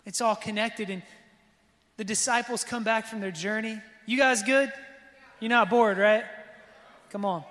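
High-voiced preacher man in a reverberant hall. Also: unhurried, long pauses. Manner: lively preaching, asks the crowd for response. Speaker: pastor. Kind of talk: sermon.

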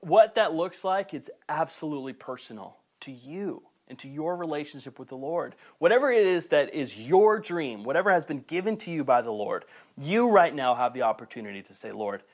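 A man preaching a sermon, passionate and building to near-shouting before softening, with playful asides to the camera. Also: fairly high pitch. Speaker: pastor. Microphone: camera recording.

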